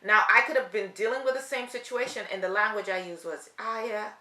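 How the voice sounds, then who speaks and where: Bright-voiced woman giving motivational talk. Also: medium pitch, brisk, echoey room. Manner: animated, acts out moods in her voice. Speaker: life coach hosting a motivational talk.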